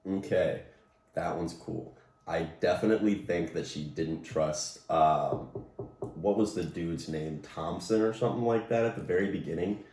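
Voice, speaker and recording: A man with a very low voice answers questions in an easygoing, chatty manner. His tone is mellow and warm, and the recording has the roomy echo of a bare room. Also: moderate pace, recorded from a distance. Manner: relaxed, conversational, with fillers. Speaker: interviewee. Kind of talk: casual conversation.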